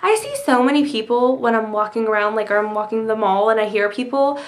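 A woman's voice: fairly high pitch, fast. A young woman in her twenties answering tag questions in a casual, chatty way, with many ums and likes, and the hiccups. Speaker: vlogger.

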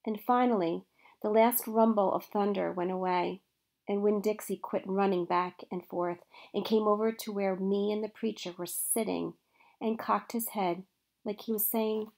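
A woman teacher reading a children's novel aloud to her students with expressive storytelling. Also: mid-range voice, normal speed, gravelly.

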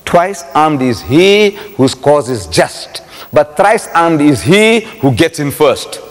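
Brief: older male lecturer from South Africa, lively storyteller, high-ish voice, long hall reverb. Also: takes it slowly. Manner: animated storyteller, acts out dialogue, repeats for emphasis. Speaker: Islamic lecturer. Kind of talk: public religious lecture.

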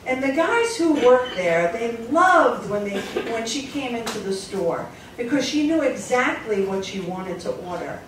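A woman comedian tells stories from a club stage in a high, lively voice. Her voice is distant and echoes heavily through the room. Audience noise is clearly heard behind her. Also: measured pace, few pauses. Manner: chatty, storytelling delivery. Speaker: stand-up comedian. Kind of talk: stand-up routine.

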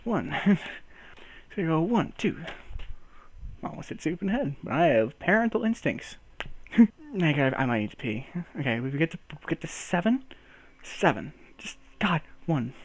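A man's voice: on the high side, sing-song, normal speed, pauses often, breathy edge. A young man talking to himself while learning to juggle, counting throws aloud, laughing at himself and swearing when he drops them. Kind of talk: casual self-talk while practicing.

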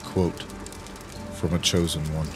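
A man narrating an audiobook in a grave, emphatic way with dramatic pauses. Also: sits low, level tone. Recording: music playing under the voice.

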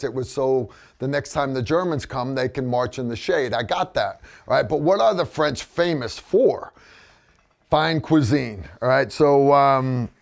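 A man's voice: medium pitch, vocal fry. An American man hosting a casual review vlog, joking and rambling in a folksy way. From United States. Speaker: host.

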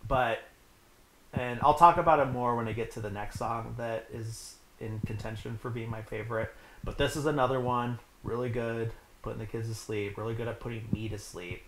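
A young man hosts a casual podcast and recaps a film. His voice sits a little low, and he talks in a loose, joking way full of fillers. The room is echoey and has noise behind him. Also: measured pace, a bit bright. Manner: chatty, filler-heavy, joking. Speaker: podcast host.

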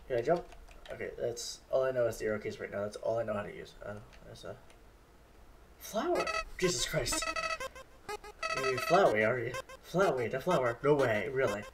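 A man giving casual, excitable commentary as he plays a game for the first time, swearing when startled. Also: medium pitch, normal speed, pauses often, distant mic. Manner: chatty, excitable, swears at surprises. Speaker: gamer. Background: game music.

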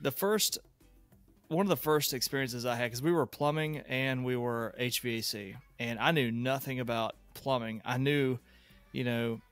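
A man's voice: mid-range voice, moderate pace, dry recording, faint music behind. Man casually telling a work story. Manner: rambling, animated, with frequent restarts. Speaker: podcast co-host.

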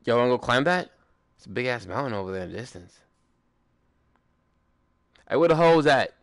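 A young gaming streamer talks briskly and animatedly at medium pitch, in studio quality with no echo. Playing alongside friends, he jokes, swears, and hums little tunes.

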